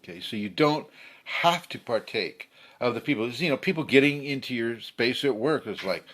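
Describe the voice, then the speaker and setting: Animated man with a lively voice. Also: medium pitch, normal speed. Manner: animated, acts out angry people with sudden shouts. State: slightly hoarse. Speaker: spiritual teacher. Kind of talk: casual spiritual talk. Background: a pet bird fluttering.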